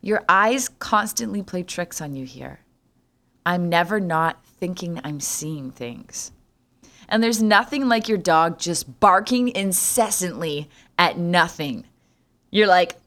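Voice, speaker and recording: A woman's voice: lowish voice, animated, unhurried, fairly bright tone. Wry, swearing woman podcaster from Canada. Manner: sarcastic, swearing, jokey asides. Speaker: podcast host. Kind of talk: solo podcast monologue.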